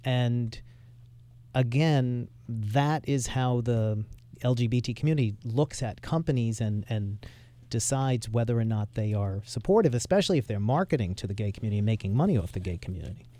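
A man's voice: medium pitch, moderate pace, dark tone, dry recording. A man hosting a radio talk show, pressing his guest with probing questions. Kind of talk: radio interview.

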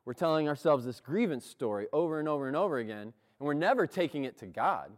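Male preacher, slightly high voice that swings all over, chatty and quick to laugh in church. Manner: animated, conversational, laughs often. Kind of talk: sermon.

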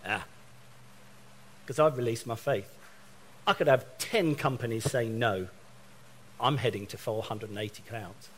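A man's voice: mid-range voice, measured pace, long pauses. A middle-aged man from England preaching a sermon, telling a story and acting out both sides of his phone calls.

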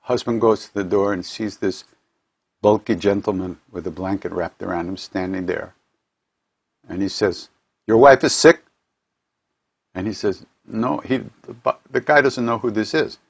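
A man's voice: deep voice, moderate pace, vocal fry, breathy edge. A man hosting an online gathering from his home, telling spiritual stories in a rambling, casual way and restarting his sentences often. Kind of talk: casual storytelling talk. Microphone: home computer mic for an online event.

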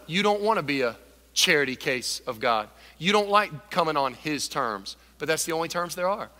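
A male pastor delivers a lively sermon in a big church hall, his fairly high, bright voice swinging widely in pitch as he acts out characters and crowds. The long reverb of the room trails after his lines.

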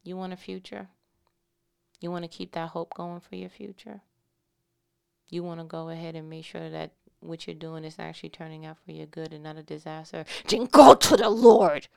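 A young woman gives an animated faith talk to her viewers, her voice sitting a little low for a woman. She swings between hushed, near-whispered asides and sudden loud exclamations. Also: moderate pace, vocal fry, clean tone. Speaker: faith vlogger. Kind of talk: devotional pep talk.

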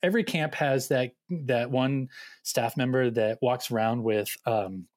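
A man who serves as a youth ministry director, telling funny camp stories in a relaxed conversational way and acting out the dialogue. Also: mid-range voice, measured pace, no room sound. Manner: animated anecdote-telling with quoted dialogue. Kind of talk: casual storytelling.

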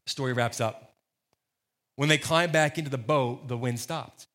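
A man's voice: medium pitch, normal speed, fairly bright tone. A man preaching a sermon as the church's pastor, emphatic and conversational, repeating phrases for stress.

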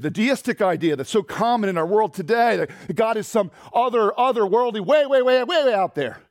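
A man pastor delivers a sermon with a high, very animated voice that leaps up and sinks low. His delivery is emphatic, with sudden quiet asides to the congregation. The sound is dry and close. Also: dry recording. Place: church.

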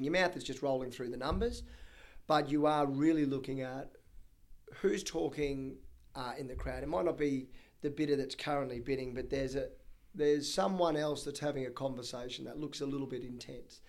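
A man in his thirties with an Australian accent, a chatty, energetic auctioneer telling stories in a podcast interview. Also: mid-range voice. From Brisbane, Australia. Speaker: auctioneer guest.

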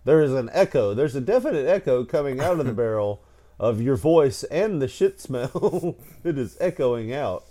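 A man tells a story in an easygoing chat, his voice mellow and warm-toned. His pitch leaps up and down as he acts out the moments. He keeps breaking into laughter mid-sentence. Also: moderate pace. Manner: animated, laughs through his own story.

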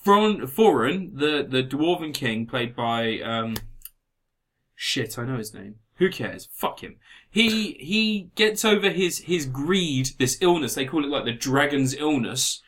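A man in casual chat, sarcastically retelling a film plot with lots of swearing and animated asides. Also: medium pitch, slow pace. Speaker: podcast co-host reviewing a film.

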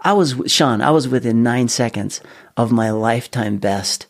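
A middle-aged man telling his story in a casual interview, animated, often restarting and repeating his words. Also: mid-range voice, moderate pace. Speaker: guest.

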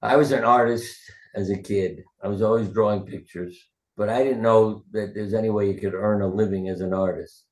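A man's voice: fairly low pitch, steady tone, moderate pace. An older man, a retired surgeon, telling rambling anecdotes in a casual interview, with fillers and acted-out quotes. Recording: roomy echo.

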